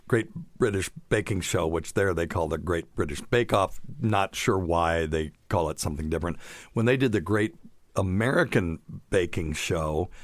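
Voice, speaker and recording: A man's voice: low-pitched, no room sound. A middle-aged man hosting a medical podcast, chatting in a jokey, rambling way. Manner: chatty, jokey, wanders off topic. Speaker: podcast host, doctor. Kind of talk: casual chat.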